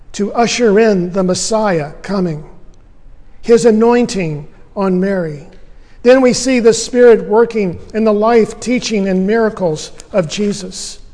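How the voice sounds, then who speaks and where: A man's voice: high voice, a little mellow, big-room sound. A man preaching a sermon as pastor, earnest and emphatic, asking rhetorical questions.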